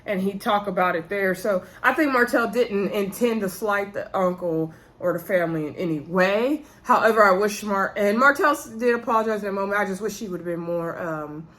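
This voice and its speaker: A woman's voice: mid-range voice, a little fast, hardly any pauses, fairly bright tone. A woman recaps a reality show in a loose, chatty way. She talks straight to her viewers and calls them y'all. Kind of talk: casual recap vlog.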